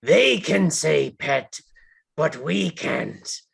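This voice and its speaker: Player, deadpan, formal phrasing, very gravelly, husky, tabletop role-play. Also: medium pitch, very slow.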